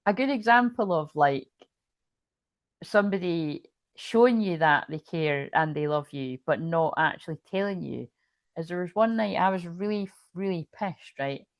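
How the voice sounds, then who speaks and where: Rambling, swearing woman, low voice. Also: normal speed, dry recording. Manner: rambling, swearing, laughing as she tells a story. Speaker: tarot reader. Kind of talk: casual tarot reading and storytelling.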